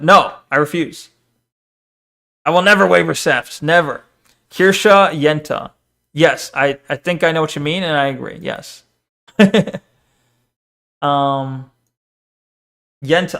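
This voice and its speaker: High-voiced man rambling at his chat. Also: a bit bright. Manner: rambling, argumentative, reads chat messages aloud and answers them. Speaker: streamer. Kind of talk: casual live-stream chat.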